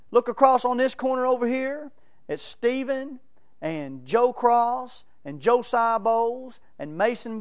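A man preaching a sermon, telling folksy stories and laughing between them. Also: very high-pitched. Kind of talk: sermon with storytelling.

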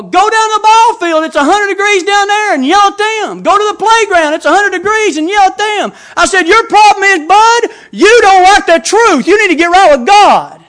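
A middle-aged man preaching a sermon in a folksy, emphatic way that rises to fervent shouting. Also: extremely high pitch.

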